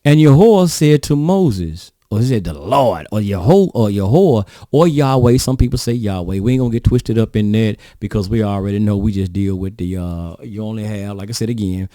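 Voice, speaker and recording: A man's voice: on the low side, brisk, few pauses, mellow, no echo, clean studio sound. A man preaching, reading scripture aloud and commenting on it in a folksy way, often asking his listeners rhetorical questions. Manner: folksy, rhetorical questioning, addresses audience as y'all.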